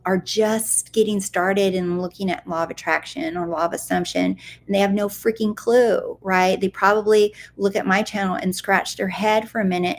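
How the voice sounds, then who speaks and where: A woman coach talks casually on a live stream in a mid-pitched voice with a gravelly, fry-tinged edge. She is chatty and playful, goofs around as she answers viewer questions, and keeps checking in with her listeners. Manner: chatty, playful and goofy, full of "like" and "do you see?". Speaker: law of attraction coach.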